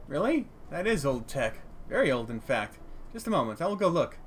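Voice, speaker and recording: A shrewd female dwarf shopkeeper, read by a man speaking in a formal, courteous way. Her pitch rises and falls freely. Light background noise sits under the voice. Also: sing-song, a little fast.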